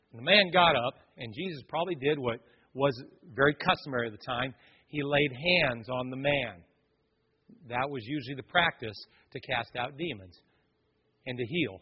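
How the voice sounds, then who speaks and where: A male pastor preaching a sermon, swinging from loud, lively passages to hushed, quiet ones. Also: medium pitch, normal speed, slightly rough, lo-fi sound.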